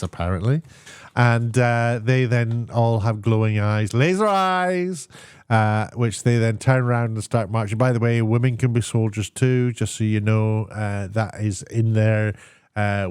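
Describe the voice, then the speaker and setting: A man giving a casual spoken TV review, sarcastic and meandering, often pausing to search for words. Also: medium pitch, darkish tone, no room sound, studio quality.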